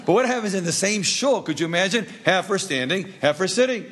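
A man's voice: high-pitched, expressive, a little fast, fairly bright tone. A man teaching a class, telling anecdotal stories with jokes and asking the audience rhetorical questions. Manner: jokey, anecdotal. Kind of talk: storytelling lesson.

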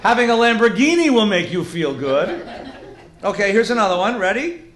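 A male rabbi lecturing a live class, animated and joking, with Yiddish words woven in. His voice sits high and swings widely up and down, in an echoey classroom. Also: normal speed.

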